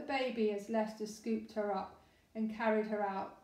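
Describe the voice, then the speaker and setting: A woman storyteller reading a children's storybook aloud in a lively, expressive way, with a distant, echoey sound. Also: medium pitch, normal speed. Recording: roomy echo, distant mic.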